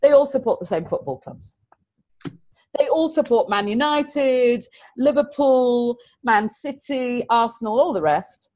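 A woman's voice: a little high, a little slow, dry recording. Earnest woman, dry close sound. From England. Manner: earnest, animated storytelling with repeated emphasis. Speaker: teacher and guest. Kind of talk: conversational interview.

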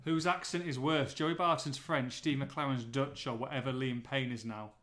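Bloke reading listener questions on a football podcast, chatty, jokey, mid pitched. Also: male voice, steady tone, a bit bright. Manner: chatty, banter-filled, quick asides. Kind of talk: casual football podcast chat.

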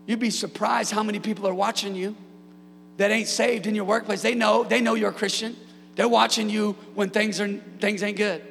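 A man with a high, gravelly voice preaches with energy, mixing jokes with rising shouted declarations. His tone is bright and cutting, and the sound carries a long hall echo and a faint hum. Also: moderate pace. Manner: energetic preaching with humorous asides, builds to shouting. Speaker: pastor. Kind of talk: sermon. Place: church sanctuary.

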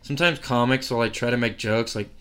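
A man's voice: mid-range voice, fairly even intonation, fast talker, pushed and bright. A man, a comedian, telling stories in casual podcast chat, rambling with many fillers and frequent laughs. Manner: rambling, full of "like", often laughing.

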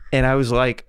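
Podcast host guy in his garage, animated and laughy, dry close mic. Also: mid-range voice, clean tone, no echo. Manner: animated storytelling, laughing often. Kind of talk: casual podcast chat. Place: home garage studio.

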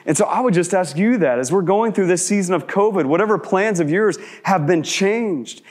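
A man in his thirties preaching a sermon in a conversational way, asking many rhetorical questions and dropping to slow, hushed emphasis on key words. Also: high-pitched, lively intonation. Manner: shifts between quick asides and slow, hushed emphasis. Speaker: pastor.

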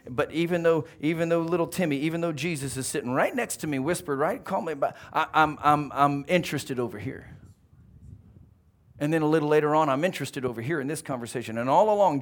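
A male pastor preaching a sermon, telling a story with animated swings from quiet to loud. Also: medium pitch.

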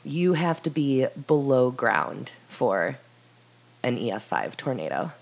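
Woman on a movie podcast, dry sarcastic jokes, crackly fry all over. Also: extremely low pitch, big pitch swings, takes it slowly, dull audio. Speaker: podcast co-host. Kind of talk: casual movie review chat.

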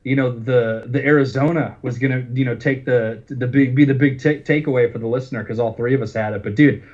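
A man co-hosting a casual podcast, rambling and halting through his points. He fills the gaps with plenty of fillers. His voice sits in a middle range, and the sound is slightly dull and lo-fi. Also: mid-range voice, fairly even intonation, darkish tone. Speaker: podcast co-host.

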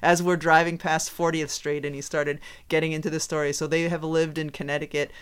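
A middle-aged woman co-hosting a podcast, telling stories in a lively, laughing way. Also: low voice, brisk, clear, resonant tone. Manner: animated storyteller, laughs often. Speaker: podcast co-host. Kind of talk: casual chat.

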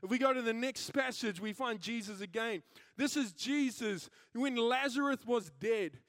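A man preaches with lively, story-driven energy, jumping into the voices of the people he describes. His voice sits unusually high, and it is recorded dry, with no room sound. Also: normal speed, dry recording. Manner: animated storytelling, acting out quoted characters. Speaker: pastor. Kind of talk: sermon.

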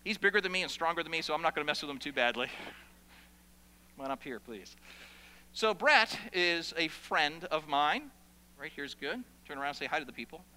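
A man preaching a sermon as pastor in a church, animated and playful with asides to the congregation. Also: high voice. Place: church sanctuary. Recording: long hall reverb.

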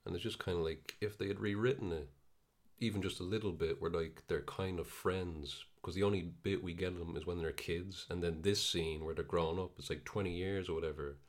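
A man's voice: sits low, steady tone, fairly quick. A man co-hosting a podcast, chatting casually about a film in a laid-back way, thinking aloud. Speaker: podcast co-host. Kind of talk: casual film review chat.

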